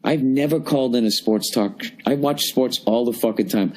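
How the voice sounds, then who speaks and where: A man's voice: medium pitch, normal speed, darkish tone. A man in his forties ranting and grumbling through a profane solo comedy podcast from a hotel room. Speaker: podcast host.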